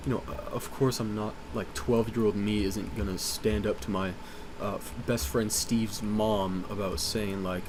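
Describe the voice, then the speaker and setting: A man's voice: on the low side, steady tone, unhurried, a little mellow, a little hiss or hum. A man telling a story in a casual, rambling, profane way, full of "uh" and "you know".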